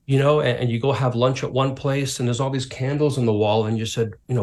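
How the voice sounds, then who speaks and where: Lively man telling stories. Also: mid-range voice, fast talker, hardly any pauses. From Canada. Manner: lively anecdotes, acts out quoted voices. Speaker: pastor and author, guest. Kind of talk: interview storytelling.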